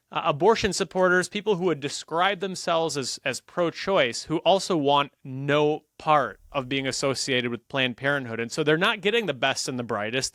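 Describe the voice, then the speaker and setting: A man hosts a podcast with a bright, fairly high voice. He speaks in a measured, thoughtful way and pauses to rework his phrasing. The sound is dry and close. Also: no room sound. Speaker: podcast host. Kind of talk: casual podcast conversation.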